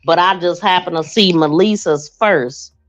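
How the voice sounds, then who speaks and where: A woman's voice: fairly low pitch, normal speed, faint music behind. A woman hosting a true crime livestream podcast, chatting casually with her listeners. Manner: chatty, addresses listeners as y'all. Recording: dull lo-fi stream audio.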